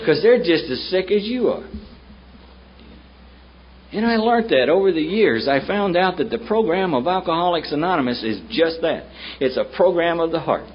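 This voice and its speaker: A Southern American man speaks at a recovery meeting, telling his story in a blunt, profane way. His voice is a little high and slightly rough, with lively intonation and a moderate pace, on a muffled old tape with faint hiss from the meeting room.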